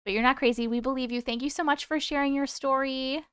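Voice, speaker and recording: A woman's voice: high voice, steady tone, quick pace, clean tone, no room sound, clean studio sound. A woman hosting a live stream, chatting casually and reading viewer comments aloud in a rambling, giggly way. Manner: chatty, rambling, giggly, jumps between topics. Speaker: livestream host.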